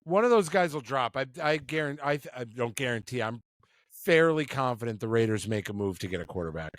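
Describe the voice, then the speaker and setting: A man's voice: medium pitch, lively intonation, brisk, no echo. A man co-hosting a casual sports podcast, joking and rambling with restarts over a remote call. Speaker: podcast co-host. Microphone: remote call mic.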